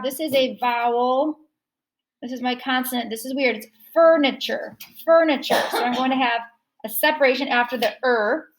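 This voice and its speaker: A woman teaching a second grade phonics lesson, slowly repeating words to show which syllable is stressed. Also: sits high, fairly bright tone, rough recording.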